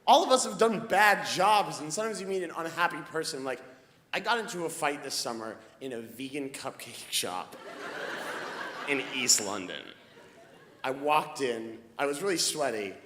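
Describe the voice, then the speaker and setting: A man doing stand-up comedy, telling a story with animated, building exasperation. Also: fairly high pitch, moderate pace. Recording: echoey hall with noise.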